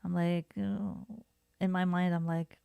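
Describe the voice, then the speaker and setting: A woman's voice: fairly low pitch, little pitch movement, a little slow, creaky, warm tone, smooth, no room sound. A woman co-hosting a podcast in casual chat, talkative with frequent laughs and restarts. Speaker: podcast co-host.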